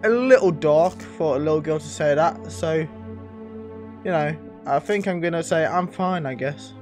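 A man's voice: fairly high pitch, measured pace, a little mellow, faint music behind. A man doing let's play commentary, sarcastic and sweary, talking back to the game. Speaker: gaming channel host.

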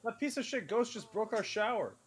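A man's voice: high-pitched, brisk. Guy cohosting a game stream, swears a lot, laughy, voice jumps all over the place, crowd noise behind. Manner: animated, swearing, laughing often. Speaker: co-host of a gaming stream. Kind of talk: casual gaming commentary.

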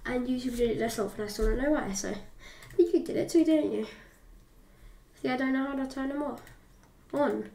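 A woman's voice: high voice, a little fast, vocal fry, mellow. A British woman giving a casual reaction commentary, talking back at the screen in a defensive, mocking way. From Britain. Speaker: YouTuber reacting to a video. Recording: roomy, distant mic, faint background noise.

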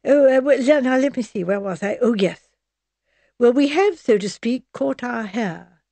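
A woman voicing a chatty elderly spinster sleuth who rambles and digresses in a fussy, gentle manner. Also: on the high side, expressive, normal speed, vocal fry, no room sound.

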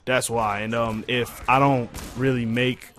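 A young man venting to his viewers in a profane, exasperated rant, going quiet when he calms down. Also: a little slow, a little hiss or hum. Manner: profane, exasperated, jumping pitch when heated. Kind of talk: casual rant to camera.

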